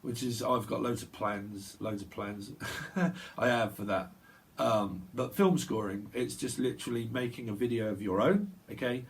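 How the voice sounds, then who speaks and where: A man's voice: medium pitch, normal speed, slight background noise. A man giving a solo tarot reading, talking in a loose stream of consciousness, repeating sounds and laughing to himself. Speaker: tarot reader. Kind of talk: rambling intuitive tarot monologue. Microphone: solo video recording.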